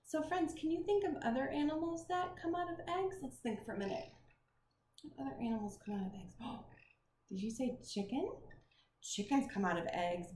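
A woman reading a picture book to children and asking them questions in an animated way. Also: sits high. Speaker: children's storytime host. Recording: roomy with faint noise.

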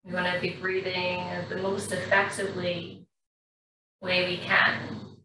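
A woman, a yoga instructor calmly guiding a class through slow breathing in a studio. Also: on the low side. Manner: slow, calm, even-toned guidance. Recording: very echoey room, far from mic, faint noise.

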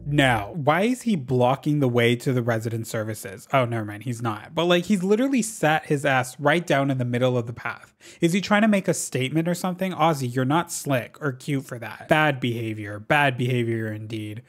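A man's voice: medium pitch, expressive. Sassy young man narrating gameplay. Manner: sassy, dramatic, quick asides to the game characters. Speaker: gaming YouTuber. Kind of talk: playful gameplay commentary.

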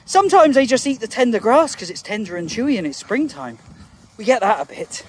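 Lively Glaswegian woman chatting outdoors. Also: a little fast, breathy edge. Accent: Glaswegian Scottish. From Glasgow, Scotland. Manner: chatty, switching to high sing-song baby talk with the dogs, laughing often. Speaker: professional dog walker. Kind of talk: casual vlog narration while walking dogs. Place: outdoors in open fields.

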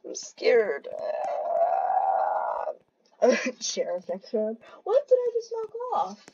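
A young woman chatters through her gameplay, giggling and flipping between panic and glee. Her pitch sits a little high and bounces all over the place. The sound is a bit dull and lo-fi, like a cheap home mic. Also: huge pitch swings, slow pace, dark tone, breathy edge. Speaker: gameplay commentator. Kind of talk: casual gameplay commentary.

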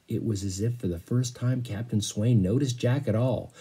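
A man's voice: fairly low pitch, fairly even intonation, normal speed, hardly any pauses, dark tone, breathy edge. A man reading a chapter book aloud to a class of children, stopping to explain words in a chatty, friendly way.

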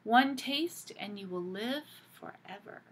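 A woman's voice: medium pitch, expressive, takes it slowly, fairly bright tone, husky, exaggerated voice. A woman voicing a clever eldest girl who keeps asking curious questions. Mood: questioning.

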